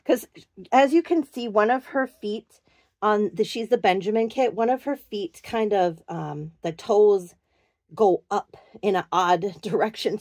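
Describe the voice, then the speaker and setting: A woman with a somewhat high voice chats in a casual, gushing way, cooing over small details. She is recorded close and dry, with no room sound around her. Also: darkish tone, no echo. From Minnesota, USA. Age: adult, works in a clinic. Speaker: doll collector vlogger. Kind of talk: casual show-and-tell chat.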